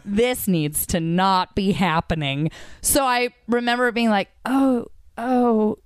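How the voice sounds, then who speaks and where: A young adult woman, a podcast guest, telling a story in casual chat and acting out the other people's voices with big jumps in pitch. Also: animated, unhurried, clear, resonant tone, no room sound, studio quality.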